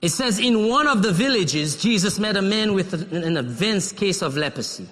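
A man from Haiti preaching a sermon, animated and acting out little dialogues as he talks. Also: high voice, normal speed. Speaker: pastor. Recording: long reverb of a large hall.

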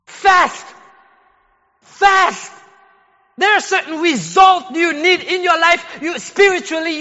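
This sermon comes from a male pastor whose very high, bright, sharp voice rings around an echoey church sanctuary. He begins in a casual, chatty way and climbs into forceful shouted exhortation, captured on slightly dull-sounding audio.

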